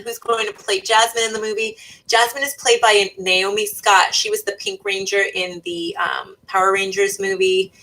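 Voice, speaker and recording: A woman's voice: medium pitch, sharp tone, poor audio. A young woman livestreaming, reading viewers' comments aloud and thinking aloud in casual chat, with many fillers and restarts. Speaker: YouTuber reading live chat. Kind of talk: casual live-stream chat.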